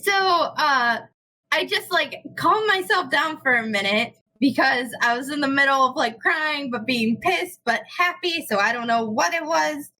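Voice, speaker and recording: A young woman chatting casually on a podcast, telling a ghost story in an animated way, with lots of fillers and swearing. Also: sits high, measured pace, low-quality recording. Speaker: podcast co-host.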